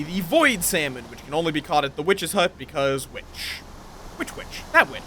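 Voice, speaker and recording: Guy streaming a game, high bright voice, rambly and goofy, chatting w/ viewers. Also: slight background noise. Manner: rambling, playful, greets chat. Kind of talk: casual live-stream chatter.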